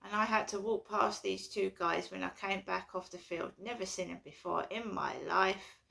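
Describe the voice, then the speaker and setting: Anxious rambling woman, gravelly and bright. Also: mid-range voice, fairly even intonation, normal speed. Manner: anxious, rambling, repetitive complaints. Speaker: vlogger. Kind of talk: casual personal vlog.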